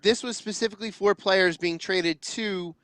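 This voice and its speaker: Higher-voiced man, animated hockey chat. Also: normal speed, dry recording. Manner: animated, emphatic repeats. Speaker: podcast co-host. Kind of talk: casual sports chat.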